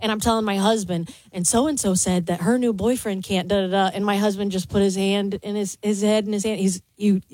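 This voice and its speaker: A woman co-hosting a radio show, telling anecdotes in a chatty, animated way and slipping into quoted voices. Her voice sits mid-range and sounds close and dry at a studio microphone. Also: medium pitch, a little fast, few pauses, no echo. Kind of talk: casual morning-radio banter.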